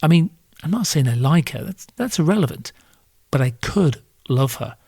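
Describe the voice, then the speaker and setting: A man's voice: fairly high pitch, animated, normal speed, darkish tone, breathy edge, no echo, studio quality. A British man hosting a solo podcast, ranting in a sardonic, crude and profane way. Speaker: podcast host.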